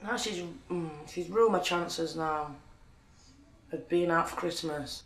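Holding the handheld camera herself, a young woman records a self-filmed video diary as a documentary subject, with echoey sound. She speaks slowly with a fairly low pitch, blunt, sweary and agitated.

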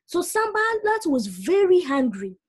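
A woman's voice: very high-pitched, big pitch swings, unhurried. A woman preaching a sermon, reading scripture aloud and urging her listeners directly.

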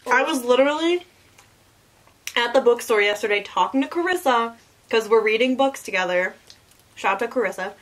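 A woman's voice: on the high side, moderate pace, pauses often, a bit bright. A young woman hosting a casual eating vlog, teasing her friend and talking with her mouth full. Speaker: vlogger host. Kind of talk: casual chat while eating.

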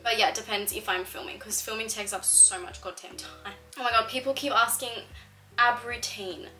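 A woman's voice: on the high side, fairly quick, pushed and bright, soft background music, poor audio. A young Australian woman answering viewer questions in a casual vlog, chatty and full of "like". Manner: chatty, fills speech with "like". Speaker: fitness content creator.

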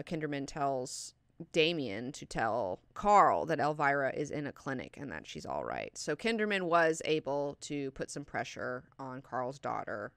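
Bright, crisp-voiced woman recapping casually. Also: low-pitched, dry recording, clean studio sound. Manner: chatty and profane, heavy use of filler words. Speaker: host of an online book class.

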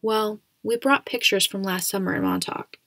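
A protective, easygoing father who speaks softly, read by a woman in a storybook reading. Her voice has a gravelly edge, and the sound is dry and close. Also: medium pitch, huge pitch swings, moderate pace, no echo. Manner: soft, soothing.

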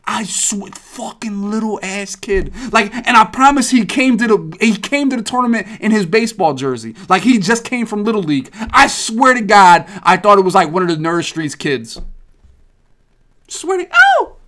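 With a high-pitched voice at normal speed and few pauses, a male gaming podcast host chats casually. He curses freely and tells animated, rambling stories.

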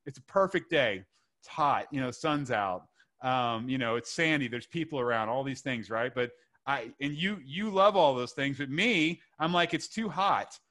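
Guest author, man, bright tense voice, earnest and rambling. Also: medium pitch, moderate pace. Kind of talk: casual podcast conversation.

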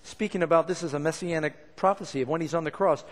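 A man preaching a sermon in a lively, expressive way, acting out the lines he quotes. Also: on the high side, fast talker. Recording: long reverb of a large hall.

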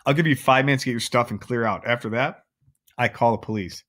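A man's voice: medium pitch, fast talker, a bit bright, natural voice. A man voicing a boorish, bullying middle-aged stepfather who growls and sneers in a raised voice. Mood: sneering.

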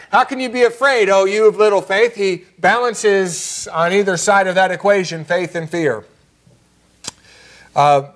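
Higher-voiced man preaching a sermon. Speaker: pastor. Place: church sanctuary.

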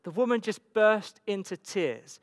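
With a high voice, lively intonation and an unhurried pace, this pastor from England delivers an emphatic, repetitive sermon packed with rhetorical questions. Long reverb fills the church hall around him.

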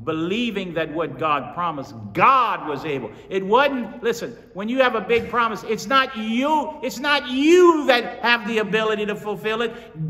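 A man's voice: high-pitched, sharp tone. A male pastor preaching a folksy, storytelling sermon full of emphatic repetition to his congregation. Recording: reverberant hall.

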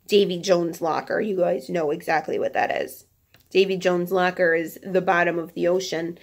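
A woman's voice: lowish voice, steady tone, normal speed, gravelly. A woman teacher reading a children's nonfiction book aloud to her class, breaking off for chatty, playful asides.

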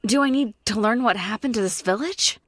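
A man's voice: high voice, brisk, fairly bright tone, no echo, voice pushed up. A man reading game dialogue aloud in a raised voice, playing a lost young woman who asks hesitant, pleading questions.

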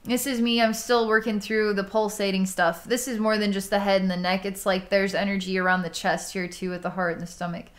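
A woman psychic healer talks a client through an energy healing session in a loose, chatty way. Her speech is full of "like", with laughs and sighs in between. Her voice sits at an ordinary middle pitch. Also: little pitch movement, a little fast, hardly any pauses. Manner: casual and chatty, heavy use of "like", frequent laughs and sighs.

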